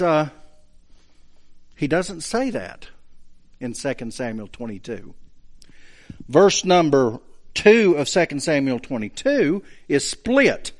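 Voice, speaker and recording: A man preaching a sermon, teaching through scripture verse by verse with emphatic, drawn-out stresses when he reads verses aloud. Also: a little high. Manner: slow, emphatic Bible teaching with rising bursts of emphasis.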